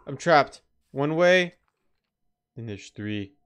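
Excitable man chatting over gameplay. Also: slow pace, smooth. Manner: chatty, excitable, breaks into high-pitched yelps. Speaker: gameplay let's player. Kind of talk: casual gameplay commentary.

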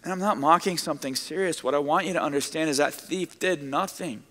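A man's voice: fairly high pitch, fairly quick, pushed and bright, long reverb tail. A male pastor preaching a sermon to his congregation in a church, in a conversational style with joking asides. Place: church sanctuary with audience.

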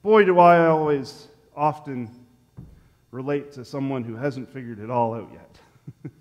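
A man pastor preaching a sermon in a church sanctuary, telling the story in an animated way and acting out the quotes. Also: medium pitch, slow pace, pauses often, big-room sound.

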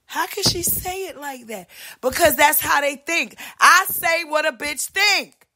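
A woman hosting a podcast, delivering a profane, brash monologue rant and slipping in quick impressions of other people. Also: high voice. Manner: profane, brash, swings loud and soft, voices other people mid-rant. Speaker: podcast host.

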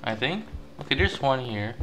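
Jittery gaming YouTuber, mid-pitched male voice over loud game music, nervous repeats, yelps when caught. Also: sing-song, normal speed. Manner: panicky, self-mocking, repeats words in bursts; shrieks high when caught. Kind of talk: gameplay commentary.

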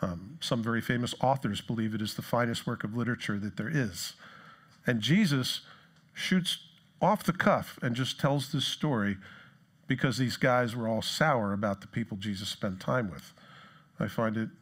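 Guy preaching in church, lively, acts out the people in the story. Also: mid-range voice, moderate pace, husky. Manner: animated preaching, acts out quoted voices. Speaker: pastor. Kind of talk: sermon.

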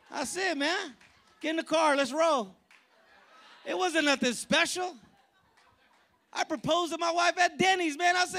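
High-pitched man preaching with fire. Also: fairly even intonation, normal speed. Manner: shouting, preaching with casual street slang. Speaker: pastor. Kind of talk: energetic sermon. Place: church service.

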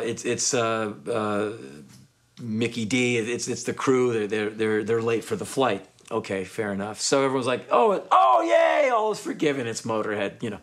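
A man being interviewed for a documentary, telling an animated anecdote and acting out the voices of the people in it. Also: mid-range voice. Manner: lively storyteller who acts out voices and shouts punchlines.

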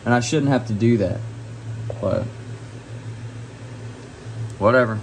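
A man's voice: medium pitch, slow, slight background noise. A young man filming himself by an indoor grow tent, ranting angrily and swearing about his failed plants. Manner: angry, swearing, exasperated. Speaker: home grow vlogger. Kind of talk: frustrated casual vlog rant.

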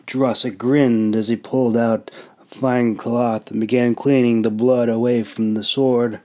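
Guy reading a fantasy audiobook, really slow and careful, mid pitch. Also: little pitch movement, mellow. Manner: measured, deliberate reading. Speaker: audiobook narrator. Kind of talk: storybook narration.

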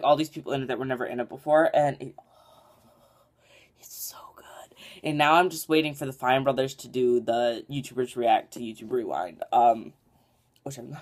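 A young vlogger chatting casually on camera in a daily vlog, rambling and filling every pause with "like" and "literally". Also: mid-range voice. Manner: rambling, filler-heavy, says "like" and "literally" a lot.

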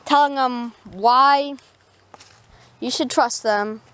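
A woman from Canada chatting casually in a backyard tutorial vlog, talking softly to her chickens. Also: sits high, takes it slowly, a little hiss or hum. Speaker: vlogger. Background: chickens clucking.

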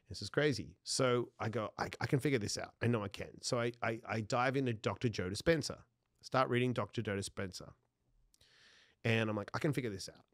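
Male podcast guest, lively storyteller who laughs through his lines, dry close-miked sound. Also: medium pitch, no echo. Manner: animated, laughs often mid-sentence; acts out dialogue in his stories. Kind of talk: personal storytelling.

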